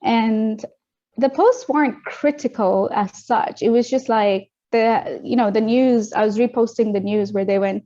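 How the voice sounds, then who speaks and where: A young adult woman recounts her story as an interview guest, fast and animated, slipping into the voices of the people she quotes. Her tone is dark and mellow. The audio sounds muffled and lo-fi. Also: a little high. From Australia. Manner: animated, quick retelling with acted-out quotes. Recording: dull lo-fi audio.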